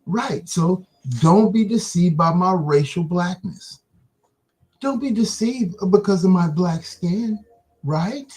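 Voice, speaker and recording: A man hosting an online broadcast, delivering an impassioned religious monologue with rapid-fire rhetorical questions that taunt the listener. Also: high voice, a little mellow.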